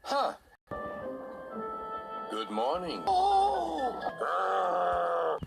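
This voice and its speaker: A man voicing a cast of fussy, cheeky toy train engines for a children's storybook series, jumping between squeaky and gruff voices. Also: huge pitch swings, slow pace, exaggerated voice, low-quality recording. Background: music.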